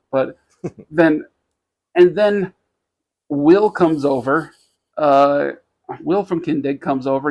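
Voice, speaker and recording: Gravelly-voiced man telling a rambling story. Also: a little high. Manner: rambling, halting with many fillers, animated when quoting others. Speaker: podcast co-host. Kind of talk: casual storytelling chat.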